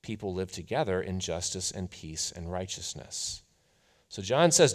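A man preaching a sermon as a pastor, telling the story in a conversational, animated way. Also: deep voice, a little slow.

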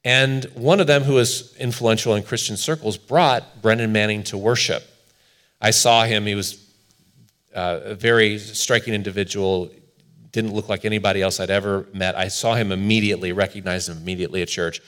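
Earnest man preaching, lowish voice. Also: steady tone, moderate pace, fairly bright tone. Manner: earnest, storytelling with quoted voices. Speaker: pastor. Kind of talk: sermon.

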